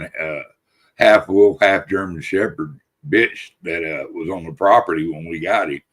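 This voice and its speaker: A man with a somewhat low voice tells rambling stories in a relaxed podcast chat. He swears freely and laughs his way through each tale, looping back with "and, uh" as he goes. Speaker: podcast host. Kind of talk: casual storytelling chat.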